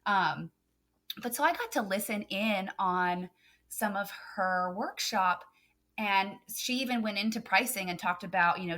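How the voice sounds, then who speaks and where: A woman's voice: medium pitch, unhurried, fairly bright tone. A woman photographer on a podcast, talking earnestly and emphatically with many "um" fillers. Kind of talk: casual podcast chat.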